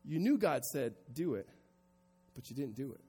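A pastor preaching a sermon to a congregation, moving from quiet reflection to raised, emphatic delivery. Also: male voice, mid-range voice, big pitch swings, moderate pace, slightly rough, in a large hall, soft background music. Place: church sanctuary before a congregation.

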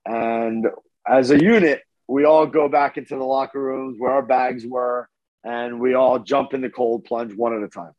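A man telling a story casually as a podcast guest, animated, with his voice jumping up when he gets excited and swearing freely. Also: mid-range voice, normal speed, no room sound, dull audio.

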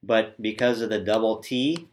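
A man patiently teaching Sanskrit pronunciation step by step, pausing and restarting as he demonstrates sounds. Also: on the low side.

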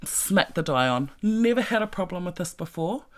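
A woman's voice: lowish voice, normal speed. A woman in her forties telling a story in a casual vlog, swearing freely and often breaking into laughter. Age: 40s. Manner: profane, laughing, animated storytelling. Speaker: vlogger.

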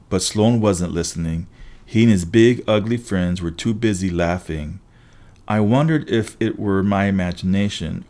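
A man reading a first-person story aloud as an audiobook narrator, steady with wry asides. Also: on the low side.

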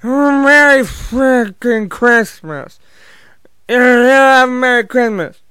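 A man voicing a boozy, jolly male Irish Santa who hollers a chuckling nonsense laugh in a much higher voice. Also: extremely slow, sharp tone, smooth, dry recording, exaggerated voice. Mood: rowdy.

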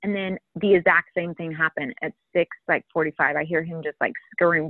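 Chatty mom telling a story over the phone. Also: female voice, deep voice, fairly even intonation, normal speed, dry recording. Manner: rambling storyteller, many fillers. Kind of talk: casual chat. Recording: tinny phone-like line, dry.

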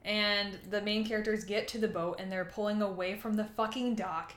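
A woman's voice: medium pitch, moderate pace, reverberant. A woman co-hosting a podcast in casual chat, swearing freely and acting out scenes with sound effects. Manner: profane, animated storyteller who mimics sounds. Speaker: podcast co-host.

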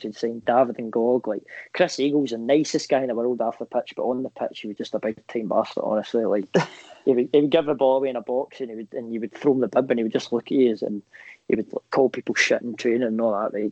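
A man's voice: medium pitch, fairly quick, no room sound. Young Scottish man, footballer guest, casual anecdotes with swearing, acts out quotes, dry dull-sounding recording. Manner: animated, swears freely, acts out quoted dialogue. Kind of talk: casual storytelling interview.

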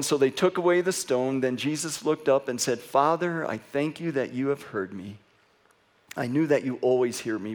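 A man preaching a sermon as pastor, reading scripture with wry asides and building to an excited, rising delivery. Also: mid-range voice. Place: church sanctuary.

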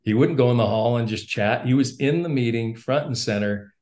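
A man at an ordinary, middle pitch, talking as a guest on a podcast. He tells a story with animated energy and laughs now and then. He often repeats a word or two before a sentence gets going. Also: a little fast. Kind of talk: storytelling in casual conversation.

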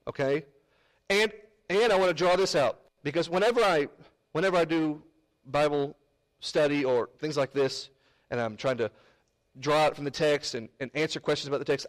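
A man's voice: a little high, low-quality recording. A man teaching a verse-by-verse Bible study, emphatic and rhetorical, repeating phrases for effect.

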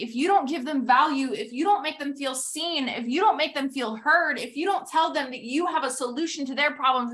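A woman's voice: sits high, a bit bright. A young adult woman hosting a motivational podcast, retelling a TV episode with acted-out quotes and drawing lessons for sales teams. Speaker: podcast host and sales coach.

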